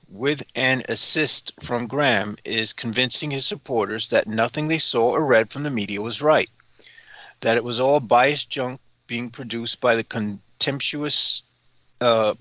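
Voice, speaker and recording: A man reads news items aloud, stopping to add crude, sarcastic remarks. His voice is bright and tense, and he hesitates with frequent fillers. The sound is dry and close. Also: mid-range voice, no echo. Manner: profane, sarcastic asides. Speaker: talk show cohost. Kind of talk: reading news with commentary.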